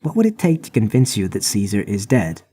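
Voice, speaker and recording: A man speaking as a player in a tabletop game, dry and deadpan, slightly away from the microphone. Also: fairly low pitch, a little fast, slightly rough. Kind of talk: in-character tabletop play.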